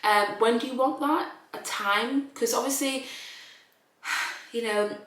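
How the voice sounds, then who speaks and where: A woman's voice: a little high, takes it slowly, a bit bright, reverberant, rough recording. A young woman chatting emotionally in a casual vlog, often restarting her sentences. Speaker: vlogger.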